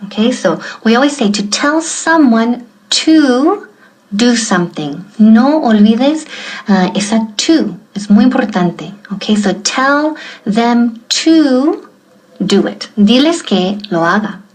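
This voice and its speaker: A woman teaching an English class, slowly and deliberately drilling example sentences and switching between explanation and repetition. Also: fairly high pitch, expressive, rough recording. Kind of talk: bilingual language lesson.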